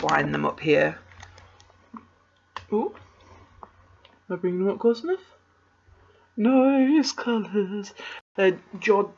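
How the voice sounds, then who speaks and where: A young woman, chatting casually as she unboxes a parcel, gasping and gushing with excitement. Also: low-pitched, vocal fry, slight background noise. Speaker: vlogger opening a parcel. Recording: slightly dull home video audio.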